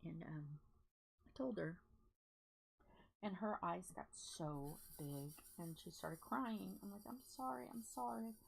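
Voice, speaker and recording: Woman, livestream craft host, rambling casual chat, gravelly, husky. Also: fairly low pitch, slow pace, long pauses, low-quality recording. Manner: candid, rambling storytelling to chat viewers.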